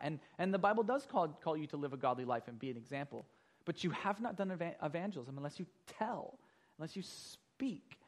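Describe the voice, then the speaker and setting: Male pastor, earnest Bible teacher, slightly higher-pitched man. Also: expressive, a little fast. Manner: earnest, explanatory, repeats words.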